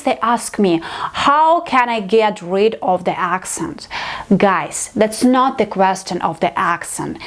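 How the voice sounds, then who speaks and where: Slow-speaking woman language teacher. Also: medium pitch. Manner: patient, explains step by step in simple non-native English. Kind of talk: online video lesson.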